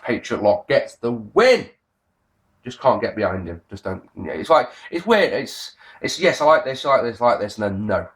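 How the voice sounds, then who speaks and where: A man giving a casual, sarcastic review of a wrestling show, swearing often and swinging between grumbling and excited outbursts. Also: mid-range voice. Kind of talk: casual solo review rant.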